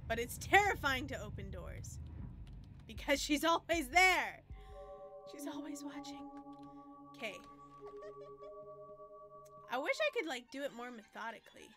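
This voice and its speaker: A woman's voice: sits high, sing-song, moderate pace. A woman streaming a horror game, talking to herself in a flustered, panicky way, dropping to whispers and jumping to shrieks. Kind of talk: live game commentary. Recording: music playing behind the voice.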